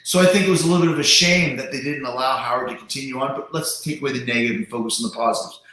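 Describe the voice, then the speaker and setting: A man hosting a casual livestream chat, talking animatedly with quick restarts. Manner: animated, restarts, imitates voices with big pitch jumps. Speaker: host. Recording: very echoey room.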